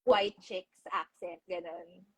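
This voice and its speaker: A Filipino woman chatting casually as co-host, soft-spoken and hesitant. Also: on the low side, fairly even intonation, slow pace, dry recording, rough recording. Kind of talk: casual chat.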